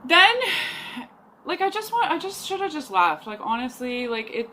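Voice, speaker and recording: A woman's voice: sits high, sing-song, moderate pace, pushed and bright, a little hiss or hum, low-quality recording. A young woman telling a rambling, exasperated story about a bad date, leaning on "like" constantly. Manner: chatty, exasperated, heavy use of "like". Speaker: vlogger. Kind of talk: casual storytelling rant.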